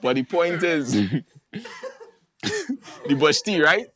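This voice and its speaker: A man with a Trinidadian accent doing animated stand-up comedy, telling chatty stories. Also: on the high side, takes it slowly, crowd noise. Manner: animated, chatty storytelling with dialect phrasing.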